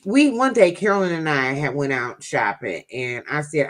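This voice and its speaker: A woman's voice: low-pitched, very animated, normal speed, few pauses. A woman vlogger casually telling viewers a personal story in a chatty, folksy way.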